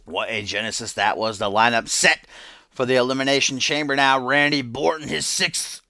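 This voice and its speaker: A man's voice: mid-range voice, steady tone, normal speed, bright, forceful tone, no room sound. A man hosting a game stream, calling the matches like a loose, joking wrestling announcer. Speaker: streamer and host. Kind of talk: mock wrestling commentary over a video game.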